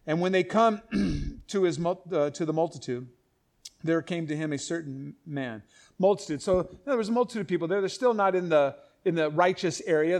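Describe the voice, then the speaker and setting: Male Bible teacher, high voice, loose animated sermon delivery. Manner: animated, acts out voices, trails off and restarts. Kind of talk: conversational sermon.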